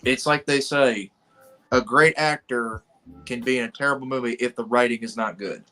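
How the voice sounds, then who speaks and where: A man in a casual podcast chat, measured and unhurried. Faint music plays underneath his voice, which sits at an ordinary pitch. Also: bright, forceful tone. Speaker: podcast co-host.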